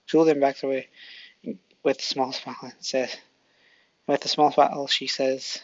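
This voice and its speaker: Gravelly, stumbling fan storyteller. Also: medium pitch, little pitch movement, normal speed, pauses often, dull audio. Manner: stumbling, self-correcting. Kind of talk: casual fan story narration.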